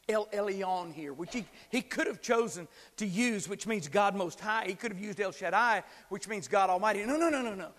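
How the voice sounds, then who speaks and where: A male pastor preaching a sermon, swinging from hushed whispers to loud, rising shouts and calling on the congregation to repeat after him. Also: high-pitched, normal speed, few pauses. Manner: dynamic preaching, drops to whispers and builds to shouts. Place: church sanctuary. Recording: long hall reverb.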